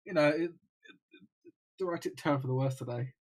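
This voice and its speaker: A man co-hosting a casual gaming podcast, crude and swearing a lot, with loud mock outbursts. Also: fairly high pitch, moderate pace. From United Kingdom.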